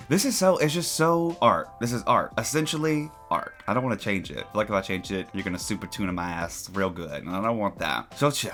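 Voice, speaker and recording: Young male vlogger, lowish voice, playful and gushing, faint music behind. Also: pushed and bright. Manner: playful, gushing, jokey asides. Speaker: YouTube commentary host. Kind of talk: casual reaction commentary.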